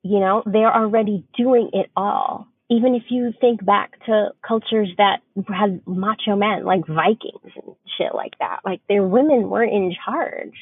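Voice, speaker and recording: A woman's voice: mid-range voice, unhurried, slightly rough, no room sound. A young woman co-hosting a podcast, talking candidly in casual chat, swearing freely and full of fillers. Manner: frank, swears freely, chatty with many fillers. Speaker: podcast co-host. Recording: tinny phone-like dry sound.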